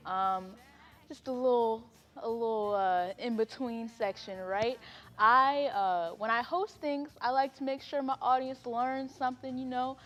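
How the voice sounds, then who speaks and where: A woman's voice: on the high side, a bit bright, long reverb tail, dull audio. A woman hosting an online poetry event in a chatty, casual way, with laughing asides and fillers. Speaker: host. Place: home, on a video call.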